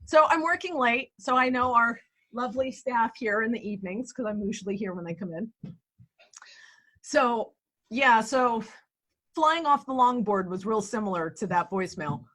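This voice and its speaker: A woman in her forties, a real estate agent and coach, telling stories in a lively, profane, laughing way from her office in a casual interview. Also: a little high, normal speed. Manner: animated, profane, laughing storyteller.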